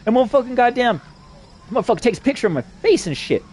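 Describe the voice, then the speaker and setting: A man's voice: extremely high pitch, sing-song, a little mellow, breathy edge. A man rambling through a personal story in a profane, casual way. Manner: profane, rambling, fast-talking.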